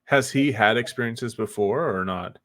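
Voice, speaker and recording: A podcast host interviewing a friend, asking short follow-up questions and giving relaxed reactions. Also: medium pitch, normal speed, no echo. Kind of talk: casual interview.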